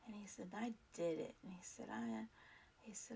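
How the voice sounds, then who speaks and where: A woman's voice: medium pitch, normal speed, vocal fry, mellow, a little hiss or hum. A woman vlog host telling a personal story in a casual, earnest, rambling way, full of fillers and restarts.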